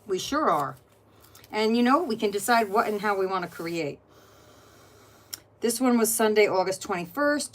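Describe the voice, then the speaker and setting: Chatty woman showing her art journal. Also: medium pitch. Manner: chatty, greets live viewers by name. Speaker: art journaling channel host. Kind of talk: casual chat while flipping through a journal.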